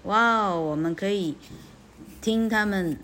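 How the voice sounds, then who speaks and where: A woman reading a classic story aloud and translating it as an English teacher, in a lively, chatty way. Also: medium pitch, unhurried. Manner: lively, chatty, self-correcting.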